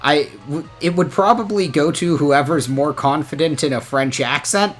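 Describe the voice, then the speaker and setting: A man hosting a livestream, talking in a halting, hesitant way. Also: on the high side, soft background music. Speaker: livestream host. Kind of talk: casual livestream chat.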